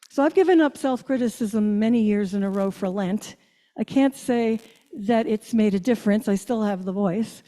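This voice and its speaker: An older woman minister giving a reflective sermon, asking her listeners questions and slowing down on key phrases. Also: a little high, warm tone. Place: church sanctuary. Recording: long church reverb.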